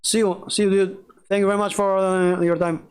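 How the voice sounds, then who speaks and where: Male gaming streamer, high voice, rambling and excitable, curses freely. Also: a little fast, clear, resonant tone. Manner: rambling, excitable, swears a lot. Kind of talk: casual live-stream chat.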